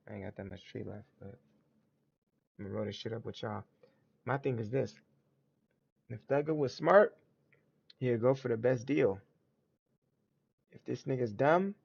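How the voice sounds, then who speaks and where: A man's voice: medium pitch, creaky, a little mellow, breathy edge, highs cut off. A man hosting a casual livestream, talking to his chat in blunt, slangy, repetitive commentary. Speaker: livestream host.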